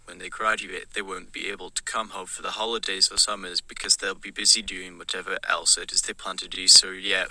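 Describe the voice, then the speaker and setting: A man reads a text game aloud on a live stream in a low, gravelly voice. His delivery stays flat and even, with a bright, hard edge. The sound is dry and close. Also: a little fast, few pauses, dry recording, low-quality recording. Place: home streaming setup.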